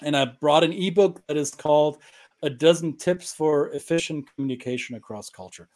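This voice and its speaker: A man's voice: a little high, normal speed, darkish tone. A man from Germany with a German accent tinged by the US Upper Midwest and Southeast, chatting casually as an interview guest with playful, dry joking. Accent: German, with US Upper Midwest and Southeast traces. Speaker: guest, cultural coach.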